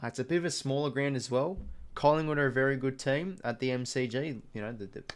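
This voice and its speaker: Australian man, young, live-stream host, casual chat, mutters names to himself, mid-pitched voice, keyboard clicks behind. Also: quick pace. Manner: chatty, muttering to himself while doing a quiz, greeting chat viewers. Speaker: streamer hosting a live watch-along.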